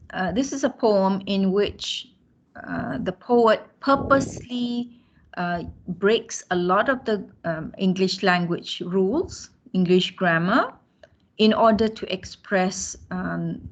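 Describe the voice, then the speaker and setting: A woman lecturer with a Malaysian accent, teaching a class and pausing often with fillers and restarts. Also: medium pitch. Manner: hesitant, many fillers and restarts. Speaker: university lecturer. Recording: dull lo-fi sound.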